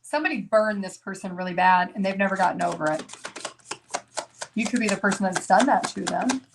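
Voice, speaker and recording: A woman's voice: mid-range voice, lively intonation, brisk, noisy background. A woman giving a live tarot reading, chatting casually and breaking into laughter often. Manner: casual, laughs a lot, talks to herself. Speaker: tarot reader.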